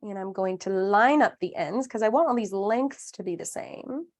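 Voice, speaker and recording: At normal speed and in a mid-range voice, a craft instructor in her thirties teaches a live online class. She keeps it chatty and upbeat, explaining every step with playful asides at a friendly, conversational pace.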